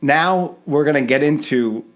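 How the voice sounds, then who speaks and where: A man co-hosts a relaxed podcast, chatting loosely. He chuckles often as he talks. His voice sits a little higher than most men's. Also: a little slow, over loud music. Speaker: podcast co-host. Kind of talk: casual chat.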